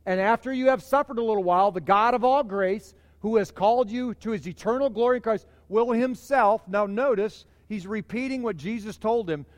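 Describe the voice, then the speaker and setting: High-voiced man preaching in reverberant church. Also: a little fast, few pauses. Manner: conversational preaching, animated emphasis. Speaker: pastor. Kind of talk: sermon.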